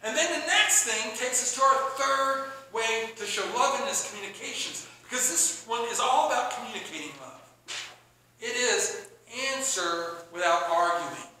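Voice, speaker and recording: A man preaching a sermon in an animated, excitable way, often acting out both sides of a conversation. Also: very high-pitched, normal speed, very echoey, a little hiss or hum, rough recording. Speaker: pastor.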